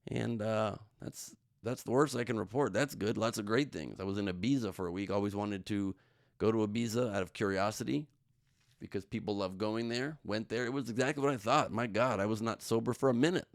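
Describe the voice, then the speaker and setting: A middle-aged man hosts his own comedy news podcast in a slightly low, smooth, resonant voice. He rambles from joke to joke, tossing in self-mocking asides. The sound is close and dry. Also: fairly quick, dry recording. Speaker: podcast host.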